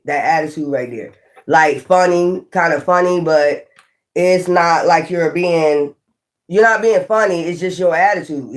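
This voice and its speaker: A medium-pitched tarot reader delivers a laid-back reading full of laughter and free swearing, with quick asides that play out imagined people.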